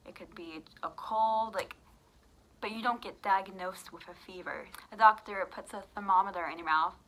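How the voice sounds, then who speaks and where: A young woman vlogging a casual storytime, her voice bright and mid-pitched. She talks in a loose, chatty way, full of fillers, and slips into the lines of the people in her story as she retells them. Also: slight background noise, poor audio. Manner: chatty, many fillers, acts out quoted dialogue.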